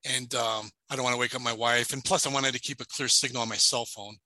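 A middle-aged man, a paranormal investigator, telling a personal story as a guest in an interview, halting and repeating words as he goes. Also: medium pitch, steady tone, bright, forceful tone, dry recording, low-quality recording.

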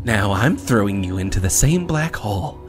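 A man voicing a sadistic, theatrical male clown villain in a comedic podcast dramatic reading, with hammy, drawn-out menace. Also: fairly low pitch, expressive, faint music behind, close to an everyday voice. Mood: menacing.

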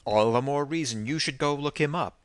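A man's voice: a little high, fairly quick, no room sound, pitched above the performer's own voice, close to an everyday voice. A man voicing a blunt, impatient Canadian harpooner who talks insistently in an audiobook. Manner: insistent, pushy.

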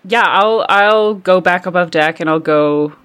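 A woman's voice: lowish voice, unhurried, a bit bright, clear, resonant tone. A woman speaking as a player in a tabletop game, earnest and eager. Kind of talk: tabletop role-play.

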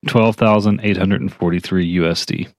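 Man, very low voice, playful bragging, casual guest, dry sound. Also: steady tone, moderate pace, no echo. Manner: joking, playfully boastful. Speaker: podcast guest. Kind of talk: casual chat.

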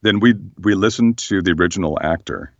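Very deep-voiced man, slightly hoarse. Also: fairly quick, no echo, highs cut off. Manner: relaxed, thoughtful, many fillers. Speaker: voice actor guest. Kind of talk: casual interview chat.

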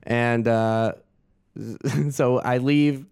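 A young adult man from Augusta, appearing as a guest actor, tells a story casually and animatedly, laughing as he acts out the quotes. His mid-range voice is clear and resonant with drawn-out words, recorded at studio quality with no room sound.

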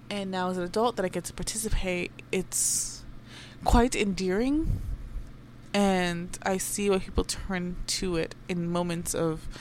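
A woman's voice: fairly low pitch, slight background noise. Candid, rambling, swearing young woman. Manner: candid and rambling, swears freely, slips into Spanish phrases. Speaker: podcast host. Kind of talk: casual personal rant.

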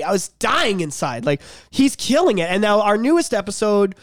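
A man hosting a casual podcast chat, excitable and swearing often, acting out scenes in voices. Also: sits high, moderate pace, few pauses, no room sound, clean studio sound. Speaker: podcast host.

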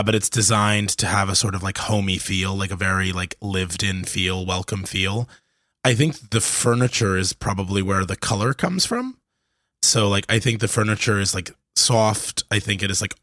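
A man playing a tabletop game who describes his moves haltingly, with many fillers. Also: fairly low pitch, fairly bright tone, dry recording, studio quality. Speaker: player.

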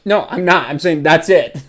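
A man's voice: a little high, animated, a little slow, fairly bright tone. A young man co-hosting a casual chat, hesitant and full of restarts, laughing often.

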